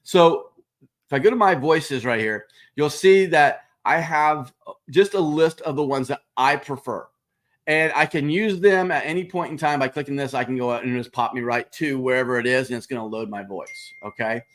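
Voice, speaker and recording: In a live screen-share, a man walks viewers through a software product step by step, talking to them directly in a relaxed way. His voice sits in the mid range and he speaks at a normal speed.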